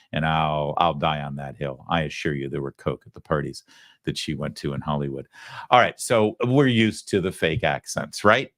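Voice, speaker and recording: A man's voice: extremely low pitch, a bit bright, no room sound, clean studio sound. A man hosting a political talk show, delivering opinionated commentary in a sarcastic, mocking, emphatic way.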